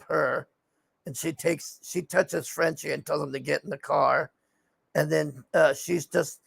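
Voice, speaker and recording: A man's voice: fairly high pitch, creaky, a bit bright, husky, dry recording. A man recapping a TV show in a casual, rambling rant, frustrated and swearing often. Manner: frustrated, profane ranting; rambling with frequent fillers. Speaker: TV show reviewer.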